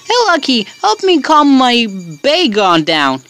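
A man's voice: very high-pitched, huge pitch swings, unhurried, sharp tone, clear, resonant tone, soft background music, pitched above the performer's own voice, heavily acted. A woman voicing an insistent young male rival trainer in a game. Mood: pleading. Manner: insistent, repeats pleas.

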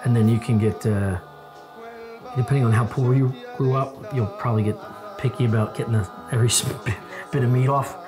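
A man's voice: medium pitch, steady tone, a little fast, over music. A man cooking and chatting casually, joking and cursing freely as he works. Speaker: cook. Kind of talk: casual kitchen chat.

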